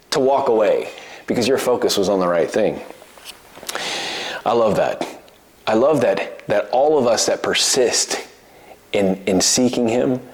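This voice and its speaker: A man giving a conversational sermon as a preacher, asking rhetorical questions, chuckling and repeating words as he thinks aloud. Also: mid-range voice. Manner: animated, rhetorical questions, frequent "right?" and "you know?".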